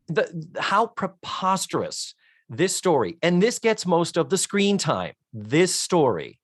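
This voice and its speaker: Animated man, swinging pitch, dry close mic. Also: no room sound. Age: 40s. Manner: animated, swears freely, acts out scenes in quick mock voices. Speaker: podcast co-host. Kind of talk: casual comedic recap chat.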